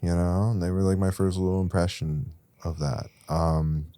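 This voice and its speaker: A young man as a podcast guest, candidly telling a rambling story about his recovery and rising to loud, intense peaks. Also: sits low, fairly even intonation, moderate pace, no room sound.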